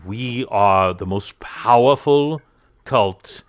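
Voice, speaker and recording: A man's voice: medium pitch, takes it slowly, dry recording, natural voice. Man voicing a panicky, blustering cult thug, stammering, dry sound. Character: cowardly male cult member, average human.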